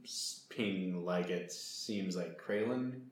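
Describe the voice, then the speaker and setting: Male player, lowish voice, easygoing, echoey room. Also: slow. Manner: short, easygoing replies. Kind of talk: casual tabletop play.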